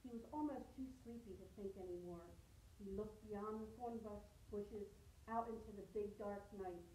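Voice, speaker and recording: A woman librarian reading a children's picture book aloud in a friendly, brisk storytelling way. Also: mid-range voice, dark tone, a little hiss or hum. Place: library room. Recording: roomy echo.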